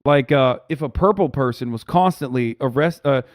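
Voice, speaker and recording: A man's voice: medium pitch, normal speed, dry recording, clean studio sound. A man in his thirties streaming live, giving casual, profane, wisecracking reaction commentary.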